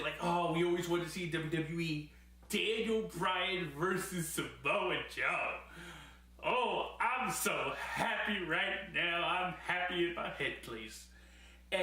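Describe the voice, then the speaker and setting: A man's voice: a little high, pushed and bright. A man giving a casual, enthusiastic spoken review as a host, rambling at times and laughing often. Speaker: wrestling show reviewer. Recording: very echoey room.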